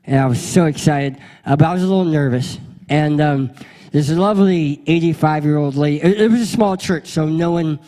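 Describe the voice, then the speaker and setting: A male pastor with a high voice talks to his congregation in a playful, energetic way. He leads them through a silly game and then settles into a chatty story. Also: fairly quick. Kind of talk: lively sermon with audience game. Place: church sanctuary before a congregation.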